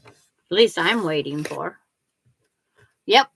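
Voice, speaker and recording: A woman's voice: on the low side, lively intonation, slow, vocal fry, a bit bright, breathy edge, dry recording. An older woman hosting a quilting livestream, chatting with viewers and talking herself through each step as she sews. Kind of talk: casual chat while sewing.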